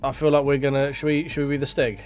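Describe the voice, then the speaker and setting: A man's voice: medium pitch, flat delivery, fast, darkish tone, soft background music. A man chatting loosely to his stream while driving a racing sim, thinking aloud and swearing casually. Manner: rambling, self-talking, casual swearing. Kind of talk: live gameplay commentary.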